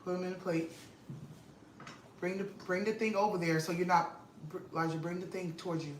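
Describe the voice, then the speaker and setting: A woman vlog host, telling an animated, emphatic story to her viewers and repeating lines for effect, at home in her kitchen. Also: fairly low pitch, a little fast. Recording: roomy echo with faint noise.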